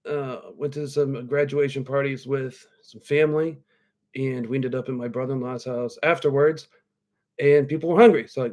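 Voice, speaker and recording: A man's voice: medium pitch, fairly even intonation, normal speed, a little mellow. A man in his forties hosting a podcast live, telling stories in a loose, profane, rambling way while sipping a drink. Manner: drinking a cocktail while talking. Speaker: podcast host. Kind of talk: casual live-stream chat.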